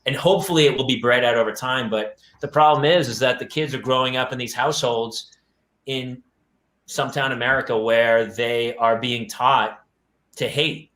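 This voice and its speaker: A man co-hosting a parenting podcast, telling animated family stories and playing his children's voices. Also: mid-range voice, normal speed. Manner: animated storyteller, acts out his kids' voices. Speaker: podcast co-host. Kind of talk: casual chat. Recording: roomy echo.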